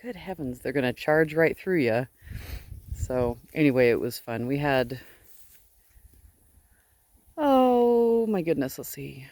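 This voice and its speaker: A woman's voice: sits low, lively intonation, slow pace, long pauses, darkish tone, no room sound. A woman filming a casual vlog outdoors by a pasture, chatting and cooing at her sheep in a sing-song voice. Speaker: sheep farmer. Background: faint sheep bleats.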